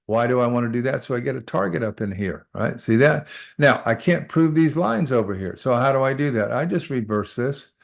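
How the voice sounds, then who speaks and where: A trading instructor with a medium-pitched, creaky voice gives a live lesson, talking a little fast and animatedly as he walks through charts aloud. He keeps checking in with "all right?" and repeats short phrases as he works.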